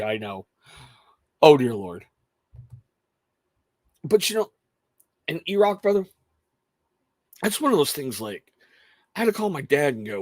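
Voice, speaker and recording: A man in his thirties hosting a casual show, telling family stories in an animated way and laughing often. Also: medium pitch, slow, pauses often, no echo. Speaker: podcast host talking to chat. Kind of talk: casual chat.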